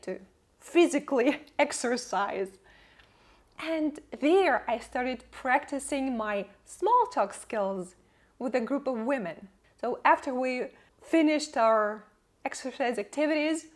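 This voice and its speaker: A young woman, not a native English speaker, telling her language-learning story in an earnest, measured vlog narration. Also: sits high. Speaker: English-learning channel host. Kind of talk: scripted personal vlog narration.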